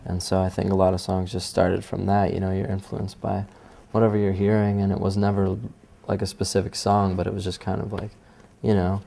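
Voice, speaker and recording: Low gravelly guy musician, talks slow and loose in interviews, music under him. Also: flat delivery, warm tone. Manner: halting, laid-back, trailing off with "I don't know". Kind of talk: casual interview answers.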